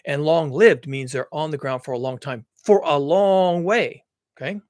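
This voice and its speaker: A man's voice: on the high side, normal speed, dry recording. A man hosting a live-streamed solo talk, explaining earnestly in long lists and restarts at a computer mic. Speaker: climate commentary host.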